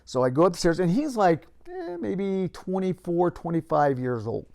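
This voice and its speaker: This is an older man with a somewhat high voice who recounts stories from his years as a police officer. He talks straight to the camera and lets the action swell as the tale unfolds. His delivery is easy and conversational. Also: normal speed, creaky. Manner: lively storytelling that builds to acted-out moments. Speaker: retired police officer and author. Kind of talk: telling a story to camera.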